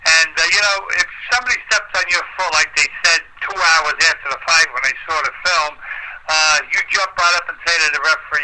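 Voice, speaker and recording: A man's voice: a little high, fairly quick, background noise. An older man, a retired boxer, telling long stories in an interview with many fillers. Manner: rambling storyteller, frequent uh fillers. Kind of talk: storytelling interview.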